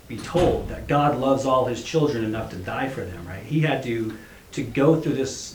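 A man reading a story aloud and then reflecting on it as a preacher, with hesitant restarts. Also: lowish voice. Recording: roomy echo, faint hum.

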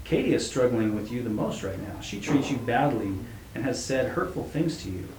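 A man voicing a calm, wise woman who speaks softly and insistently. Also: mid-range voice, normal speed, close to an everyday voice. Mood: probing. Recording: roomy echo, faint hum.

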